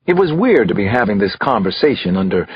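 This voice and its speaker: A male audiobook narrator reads a thriller briskly and expressively, his pitch swinging up and down with a husky grain. The recording is dry and close, with a slightly dull sound.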